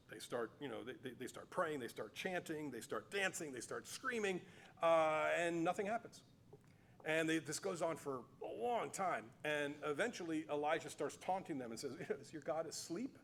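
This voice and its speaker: A man teaching a Bible class, telling the stories in an animated, chatty way with fillers and restarts. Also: a little high, a little hiss or hum. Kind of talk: casual storytelling lecture. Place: cathedral.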